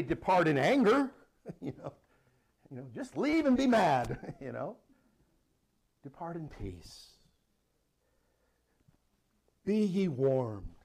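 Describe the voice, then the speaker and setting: A middle-aged male pastor preaching a sermon, animated and laughing now and then as he reads and explains scripture. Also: a little high, gravelly, husky.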